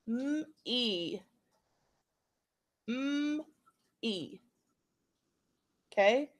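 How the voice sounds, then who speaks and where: A woman's voice: on the high side, a little mellow. A woman teaching a phonics and spelling lesson to young students, patient and checking in often. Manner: slow, patient, checks in with frequent "okay?".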